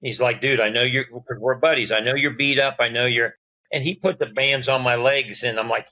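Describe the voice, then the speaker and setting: A man, a doctor guest on a podcast, talking casually and telling animated stories that act out the dialogue. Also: mid-range voice, brisk, poor audio. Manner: animated storyteller acting out dialogue.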